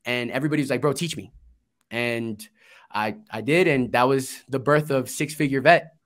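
Man guest, grew up in Florida, easygoing storyteller, salty language, plays out conversations, average pitch. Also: normal speed, a bit bright. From Florida, United States. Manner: laid-back, swears, acts out quoted dialogue. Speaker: guest, investing entrepreneur. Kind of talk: casual storytelling interview.

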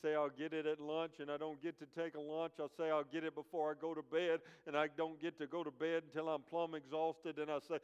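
A man's voice: a little high, flat delivery, fairly quick, hardly any pauses, clear, resonant tone. Man preaching a sermon in a reverberant hall. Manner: emphatic, repetitive storytelling. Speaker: guest preacher. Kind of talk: sermon with storytelling. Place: church sanctuary. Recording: dull church-hall recording with long reverb.

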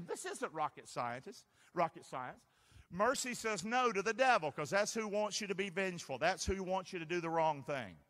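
Animated preacher man in a reverberant church. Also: high-pitched, normal speed. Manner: animated call-and-response preaching, asks the crowd to answer. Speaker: pastor. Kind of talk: sermon. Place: church sanctuary.

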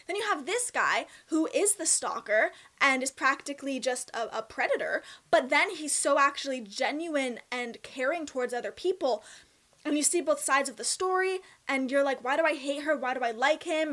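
A young Canadian woman with a Canadian accent, chatting in a casual question-and-answer vlog, bubbly and expressive. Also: high-pitched. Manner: bubbly, chatty and expressive, with laughs and emphatic swings. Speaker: vlogger.

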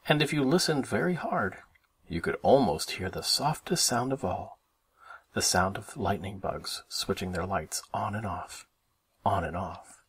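Dad reading a picture book to his kids, low gravelly voice, very lively pitch. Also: measured pace. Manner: expressive, animated read-aloud. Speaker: parent reading aloud. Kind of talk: children's storybook narration.

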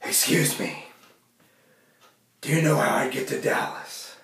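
A man doing a gravelly, whispery impression of a grim masked superhero, recorded from far off in an echoey room. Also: mid-range voice, animated, unhurried, a bit bright, pitched below the performer's own voice. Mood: gruff.

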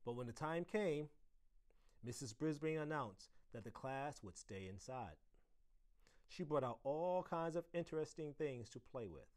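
A school assistant principal reads a children's chapter book aloud. He reads slowly and expressively, letting his pitch rise and fall freely. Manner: expressive storytelling.

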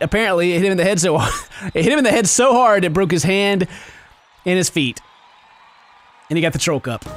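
Excitable high-voiced man playing a game. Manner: giggly, exclamatory, yelps and shouts. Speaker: gaming video host. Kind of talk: excited let's-play commentary.

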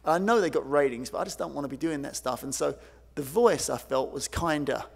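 A man delivers a conference keynote in a gravelly, fairly high voice, acting out the people in his stories with lots of fillers. His voice rings with the long reverb of a large hall. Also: brisk. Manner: animated, acts out quoted voices, many fillers. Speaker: keynote speaker.

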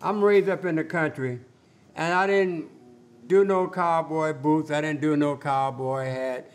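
A man's voice: a little high, fairly even intonation, unhurried. Older man spinning laid-back stories. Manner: colloquial, laid-back, acts out quoted voices. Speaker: interviewee, cowboy. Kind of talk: casual storytelling interview.

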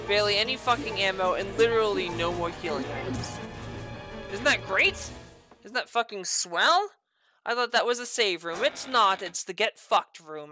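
Raging woman streamer cursing at a game. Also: medium pitch. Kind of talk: live gameplay commentary. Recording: stream with game music behind.

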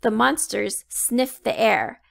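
Slow gravelly woman reading aloud. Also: fairly high pitch. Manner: expressive, slow storytelling. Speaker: children's book reader. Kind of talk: storybook read-aloud.

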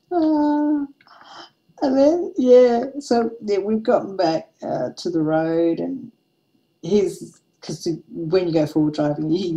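A chatty woman in her forties tells a story while working on a craft project. She laughs often and keeps an easy, rambling pace. Her voice sits a little low, with a warm, mellow tone. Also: rough recording. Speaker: craft vlogger.

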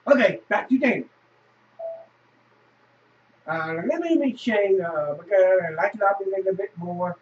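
Man, very high and lively voice, frustrated swearing gamer, echoey room. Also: slow, pauses often. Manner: frustrated, swearing, sudden loud outbursts. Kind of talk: horror game commentary. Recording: roomy, distant, dull lo-fi.

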